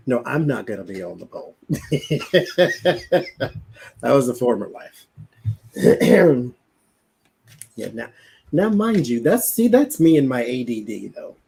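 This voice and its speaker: A man's voice: mid-range voice, very animated, slow pace, creaky, pauses often, warm tone, breathy edge, poor audio. A man with a Southern country accent chatting casually on a livestream, rambling, interrupting himself and laughing often. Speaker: co-host.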